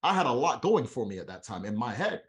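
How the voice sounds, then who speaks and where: A young MLM trainer with a medium-pitched voice speaks fast during a motivational training talk. He tells a personal story in slangy, animated fashion, acting out the dialogue.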